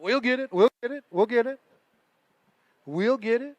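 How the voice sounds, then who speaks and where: A man's voice: very high voice, slow pace, no echo, muffled recording. A man emceeing a fishing tournament weigh-in live, chatting and joking with the anglers and crew. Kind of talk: live event emceeing with casual banter.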